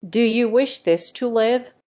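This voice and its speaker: Calm, direct jungle-raised man, read by a synthetic woman's voice, plain delivery. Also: on the high side, a little slow, natural voice. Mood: calm firm.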